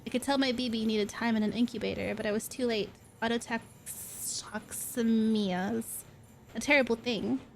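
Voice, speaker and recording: A woman gives voice to a caring male porter who talks earnestly about the babies he carries. The voice sits a touch high and stays plain rather than acted. A faint hum runs underneath. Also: fairly even intonation, normal speed, creaky, rough recording. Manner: reads game dialogue aloud in an earnest, plain voice.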